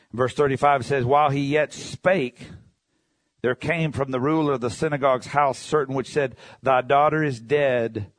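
Preacher, male, husky, dry close sound, big swings from hush to shout. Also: dry recording. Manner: swings from low murmurs to high shouted peaks; reads scripture aloud and paraphrases it in plain talk. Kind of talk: sermon.

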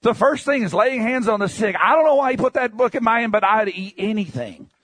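Preacher, male, high-pitched, dry close sound, lively storyteller who shouts at peaks. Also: brisk, no echo. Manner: animated storyteller, bursts into shouts. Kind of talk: sermon with personal testimony.

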